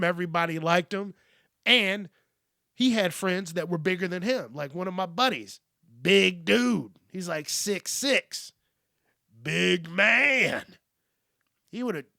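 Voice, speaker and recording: A man's voice: high-pitched, bright, forceful tone, dry recording, clean studio sound. A man hosting a podcast, telling a story in a blunt, profane, rambling way. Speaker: podcast host. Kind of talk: casual storytelling monologue.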